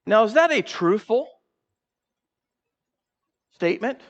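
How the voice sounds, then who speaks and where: A male pastor preaching a sermon, animated, acting out the characters' voices and putting questions to the congregation in a church. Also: sits high, slow pace, dull audio. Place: church sanctuary.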